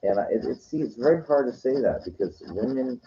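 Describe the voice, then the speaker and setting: In this dull, lo-fi clip, a man speaks at a fairly quick clip with a medium pitch, a dark tone, and lively intonation. He's a weekend vlogger rambling casually, restarting often and leaning heavily on "like" and "you know."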